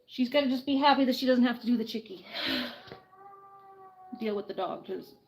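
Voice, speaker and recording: A woman's voice: a little high, fairly quick, gravelly, slight background noise, poor audio. Chatty woman coaxing a sick bird. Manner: chatty, coaxing and soothing toward the animal. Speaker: animal caretaker. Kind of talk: casual vlog narration. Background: dog barking.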